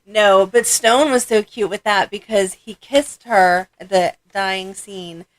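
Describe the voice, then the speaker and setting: A middle-aged woman co-hosting a fan podcast, recounting scenes in steady, matter-of-fact casual chat. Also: medium pitch, slow pace. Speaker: podcast co-host.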